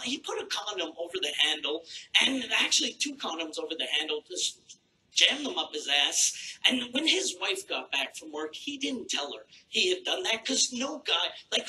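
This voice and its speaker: A male stand-up comic on a live stage, his voice pitched high and very bright. He tells his story in jumpy, animated bursts that leap up and down in pitch. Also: a little hiss or hum, poor audio. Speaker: stand-up comedian. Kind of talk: stand-up set. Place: live comedy stage before an audience.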